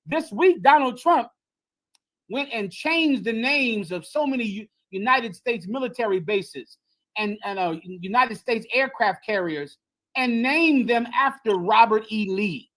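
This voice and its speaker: A woman's voice: on the high side, expressive, unhurried, fairly bright tone, poor audio. Impassioned woman lecturing on a livestream. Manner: emphatic and preachy, repeats phrases for effect. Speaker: livestream host and teacher. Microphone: streaming software on a video call.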